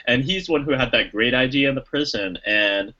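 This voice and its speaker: A man's voice: medium pitch, moderate pace, sharp tone, highs cut off. A man chatting casually about a movie as a podcast co-host, rambling with lots of restarts and fillers and acting out lines he quotes. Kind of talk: casual movie review chat.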